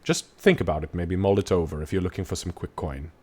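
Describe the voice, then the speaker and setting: A man narrating as game master of a tabletop game, relaxed and chatty, voicing townsfolk as he goes. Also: low voice, fast, slightly rough.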